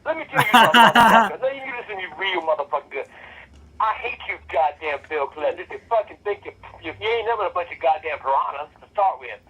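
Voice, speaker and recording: A man's voice: on the high side, lively intonation, quick pace, a bit bright, a little hiss or hum, poor audio. A man furiously ranting and cursing through a heated phone argument.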